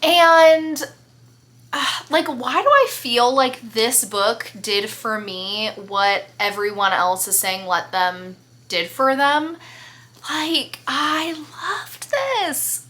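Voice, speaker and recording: A woman's voice: on the high side, pushed and bright. A young woman book vlogger talking casually to camera, chatty and gushing, with many restarts. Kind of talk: casual vlog chat.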